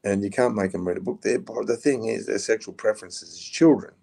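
A man's voice: fairly low pitch, a little fast, vocal fry, mellow, breathy edge. A middle-aged Australian man speaking bluntly and casually as a podcast guest, now and then swearing. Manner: blunt, plain-spoken, swears, says "mate". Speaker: podcast guest, former prisoner. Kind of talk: casual interview talk.

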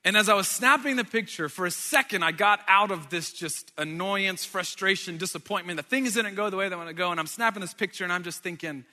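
A man's voice: high voice, fairly quick, hardly any pauses, pushed and bright. A man in his thirties telling a personal story in a sermon, as a pastor, with joking asides to the audience. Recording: long reverb of a large hall.

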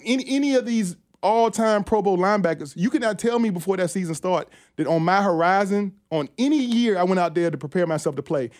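A man who played linebacker, a guest on sports talk radio, talking in halting bursts with many restarts and fillers. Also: sits high, a little mellow, no room sound, clean studio sound. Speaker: former NFL linebacker, guest.

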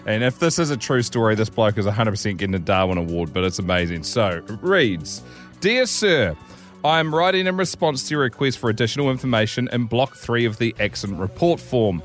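A man's voice: mid-range voice, a bit bright. A man, a radio host chatting casually and reading a story aloud through fits of laughter. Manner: reads aloud while breaking into laughter.

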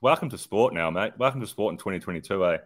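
A man's voice: on the low side, lively intonation, quick pace, fairly bright tone. A man, co-hosting a podcast in casual, rambling, sweary chat. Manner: rambling, laid-back, sweary. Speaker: podcast co-host.

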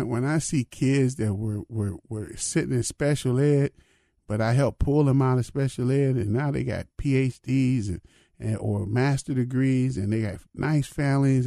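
Older pastor, dark dry voice. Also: male voice, medium pitch, vocal fry, no room sound. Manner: conversational, repeats "you know what I mean". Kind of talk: informal spiritual reflection.

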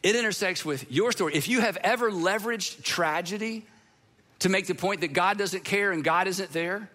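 A male pastor with a high, ringing voice preaches with earnest emphasis. He leans into repeated phrases, then falls to a near hush for effect. His tone stays bright and forward throughout. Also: normal speed. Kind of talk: sermon.

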